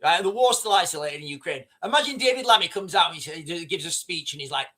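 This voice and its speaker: Animated, high-pitched male livestreamer. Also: quick pace. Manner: rambling, repeats himself, reads out viewer comments. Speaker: livestream host. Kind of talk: casual livestream commentary.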